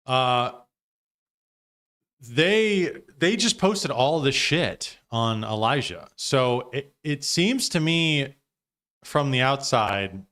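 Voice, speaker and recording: A man's voice: medium pitch, animated, extremely slow, a bit bright. A man hosting a live stream, giving loose, profane reaction commentary with frequent laughs.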